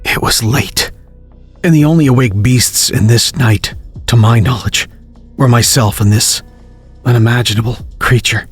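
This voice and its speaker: A man narrating a scripted horror story of his own in the first person, tense and hushed, building urgency. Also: medium pitch, moderate pace, breathy edge, soft background music. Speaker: narrator and author.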